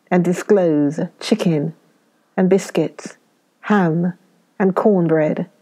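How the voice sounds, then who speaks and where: A woman reading a story aloud as a measured audiobook narrator. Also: fairly low pitch, dark tone.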